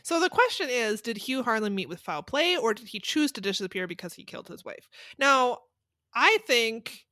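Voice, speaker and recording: A woman's voice: on the high side, very animated, normal speed, bright, forceful tone, no room sound, clean studio sound. A woman co-hosting a podcast, casually recapping an unsolved mystery, hedging and laughing often. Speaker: podcast co-host.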